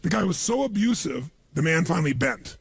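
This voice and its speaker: A man giving a motivational seminar talk, telling stories to an audience in an animated way and acting out the people he quotes. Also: a little high, a little fast, gravelly, husky, no echo. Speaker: motivational speaker.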